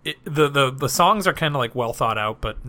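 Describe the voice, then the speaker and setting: A man co-hosting a podcast in casual chat, relaxed, often laughing and trailing off mid-sentence. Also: mid-range voice, brisk. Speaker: podcast co-host.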